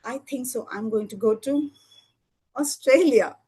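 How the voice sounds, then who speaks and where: A woman's voice: a little high, measured pace, dark tone, husky, low-quality recording. A woman doing a sulky, dramatic schoolboy. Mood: exasperated. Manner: dramatic self-pitying complaints. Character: gloomy young schoolboy having a bad day.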